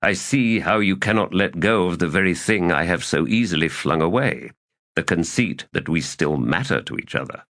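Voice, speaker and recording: A man voicing a cruel, mocking male figure with a slow, sneering delivery. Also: low-pitched, lively intonation, a bit bright.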